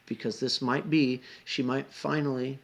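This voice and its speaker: A man's voice: mid-range voice, level tone, a little slow, gravelly. A man telling a personal story in a confessional vlog, rambling and swearing often, with frequent asides. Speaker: vlogger.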